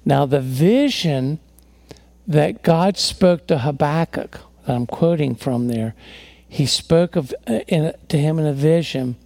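A man's voice: a little high, slow pace, creaky, a little mellow, no echo. A man preaching a sermon as a pastor, telling stories earnestly, often restarting and repeating words.

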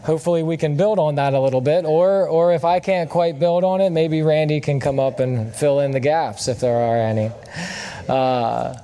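A man's voice: fairly high pitch, moderate pace, warm tone, clean tone. A man preaching a sermon in a friendly, conversational way, often asking the congregation questions. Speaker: guest preacher. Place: church service.

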